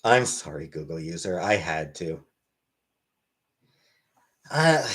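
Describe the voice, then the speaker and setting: A man chatting on a casual livestream, answering viewers' questions one by one. His delivery is dry and deadpan, but his pitch moves around a lot. He sounds offhand and wry. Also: takes it slowly, long pauses, husky. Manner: deadpan, wry, reads chat aloud. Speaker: livestream host.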